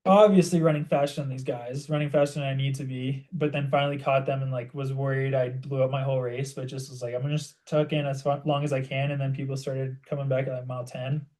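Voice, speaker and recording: A young man co-hosting a podcast, telling a story in animated casual chat and saying "like" constantly. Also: medium pitch, fast, few pauses. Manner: animated storytelling, heavy use of "like". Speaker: podcast co-host.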